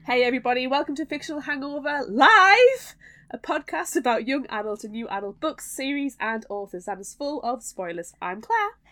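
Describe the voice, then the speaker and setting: A woman co-hosting a casual book podcast, her slightly high voice swooping up and down in lively turns. She chats in a playful way and laughs a lot. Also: moderate pace. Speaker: podcast co-host. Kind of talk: casual chat.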